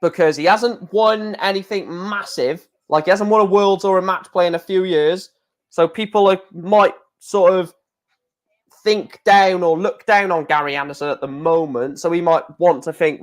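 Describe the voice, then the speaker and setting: A young man from England riffs through a live darts watchalong stream, excitable and rambling, with the odd mild curse. His voice sits a little high for a man. He hops from match updates to loose asides. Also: moderate pace. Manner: chatty, excitable, swears mildly, rambling asides. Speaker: livestream host. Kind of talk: casual darts watchalong commentary.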